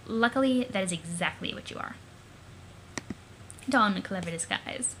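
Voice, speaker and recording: A young woman reading a webcomic aloud, excitable and giggly, swearing casually between lines. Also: medium pitch, a little slow, noisy background. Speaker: let's play narrator.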